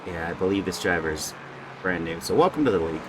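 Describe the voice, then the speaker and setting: A man's voice: deep voice, fast, noisy background. A young man giving casual, joking live commentary on a sim race and stumbling over drivers' names.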